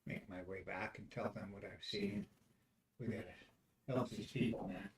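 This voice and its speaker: Low-voiced man quipping at the table. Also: steady tone, moderate pace, a little hiss or hum. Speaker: player. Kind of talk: casual play at a game table.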